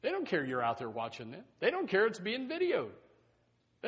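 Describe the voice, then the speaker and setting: A man preaching a sermon in a church, animated and full of stumbling restarts and repeated words. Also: sits high, brisk, breathy edge. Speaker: pastor. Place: church sanctuary. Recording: long hall reverb.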